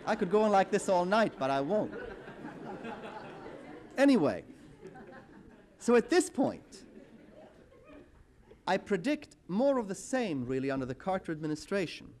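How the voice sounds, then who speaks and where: A man's voice: sits high, very animated, a little slow, pauses often, darkish tone, some chatter behind. A middle-aged man giving a university lecture with a wry, anecdotal manner and storytelling asides.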